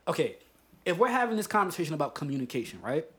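A man's voice: on the high side, sing-song, quick pace, fairly bright tone. A man co-hosting a podcast, telling a story in a casual, profane and emphatic way while drinking beer. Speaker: podcast co-host.

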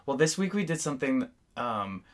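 A man's voice: mid-range voice, very animated, normal speed. A man co-hosting a podcast, musing and rambling in casual conversation with many fillers. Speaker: podcast co-host. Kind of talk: casual chat.

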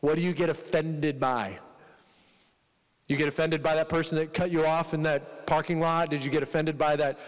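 A male pastor gives a casual, joking sermon and slips into voices for the people he quotes. His voice sits a little high for a man. A long reverb trails behind him, as in a large hall. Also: steady tone, moderate pace.

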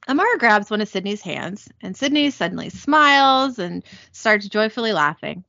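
A woman with a bright, lively voice talks through a TV episode in a casual recap. She reads the characters' lines aloud in quick voices and stops to correct herself. The sound is dry and a little dull, like a lo-fi home recording. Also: mid-range voice, vocal fry, no room sound. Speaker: podcast host recapping an episode. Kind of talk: casual recap reading out dialogue.

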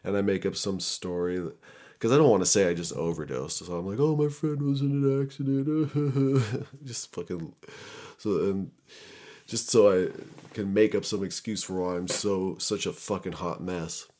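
Young man, very low voice, rambling and profane, casual storyteller. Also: moderate pace, darkish tone. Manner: candid, profane, rambling with restarts.

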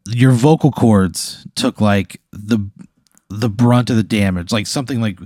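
A man with a somewhat low voice, riffing through an improvised comic hypothetical for his podcast co-host. He rambles, restarts and leans on fillers as he builds the story. The sound is dry and close to the mic, with no room around it. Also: a little slow, a little mellow, dry recording. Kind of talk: improvised comedy podcast chat.

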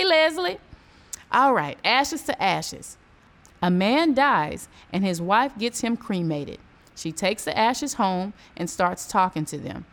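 A woman hosting a show, reading listener jokes and reacting loudly to the punchlines. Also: high-pitched. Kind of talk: casual joke reading.

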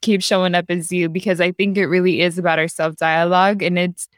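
Young woman host, lowish voice, emphatic and chatty, dry close mic. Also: little pitch movement, a little fast, no room sound. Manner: emphatic, chatty, calls her guest girl. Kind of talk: casual chat.

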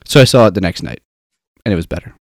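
Young male co-host, lowish voice, dry close recording, lively anecdotal delivery. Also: fast talker, dry recording. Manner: animated storyteller who acts out quotes. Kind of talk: casual chat.

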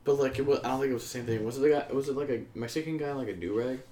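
A young man talking on a podcast in a rambling, halting casual chat. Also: mid-range voice, warm tone. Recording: roomy echo.

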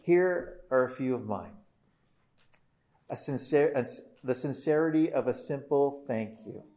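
Earnest pastor giving a measured eulogy. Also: male voice, medium pitch. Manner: earnest, measured, with frequent restarts and soft trailing line ends. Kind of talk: funeral eulogy sermon.

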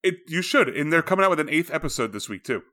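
Bright-voiced chatty man on a podcast. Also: fairly high pitch, lively intonation, fast talker, dry recording, clean studio sound. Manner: chatty, trails into fillers like "like". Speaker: podcast co-host. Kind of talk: casual podcast chat.

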